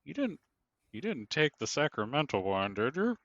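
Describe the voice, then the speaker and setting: A man's voice: on the high side, big pitch swings, moderate pace, a bit bright, no room sound, lo-fi sound. A man voicing a wary adult ship's night watchman who is easily put off and speaks in an odd put-on accent.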